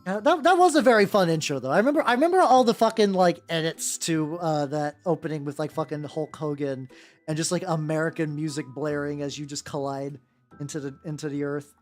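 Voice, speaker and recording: Talking fairly quickly in a voice on the high side, this VTuber paints miniatures live with soft music behind him. His chat is casual and rambling, full of stumbles and self-corrections.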